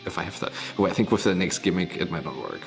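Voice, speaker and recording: A man's voice: low-pitched, fast talker, gravelly, music in the background. A man casually talking through tournament maps on a live stream, rambling with many fillers and restarts. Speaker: tournament mappool showcaser.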